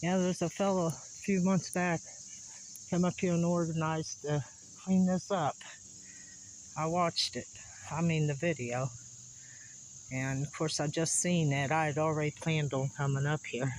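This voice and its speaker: A vlogger who explores old sites talks to his camera as he hikes up a wooded hillside, out of breath, chatting in a folksy way and laughing between gasps. His voice is a little high and steady in tone, with a measured pace and long pauses. The recording is rough, with slight background noise and insects and crickets all around.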